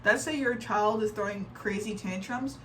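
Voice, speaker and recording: A woman's voice: medium pitch, moderate pace. Young woman ranting about internet drama, lots of likes, kinda far from the mic with a little hiss in the back. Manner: chatty, heavy "like" filler, exasperated. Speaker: reaction video creator. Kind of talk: casual reaction commentary, reading posts aloud. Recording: distant mic with faint background noise.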